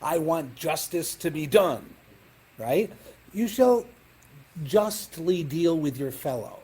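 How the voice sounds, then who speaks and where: A man's voice: fairly high pitch, animated, slow, mellow, husky. A man, a rabbi, lecturing a Talmud class, explaining texts step by step, reading Hebrew and Aramaic terms and checking in with "right?".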